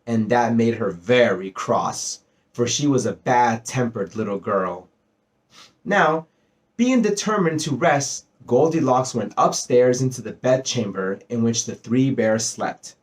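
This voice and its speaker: Brief: male storyteller, lively up-and-down delivery, bedtime reading voice. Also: medium pitch. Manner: expressive, rises and slows for effect.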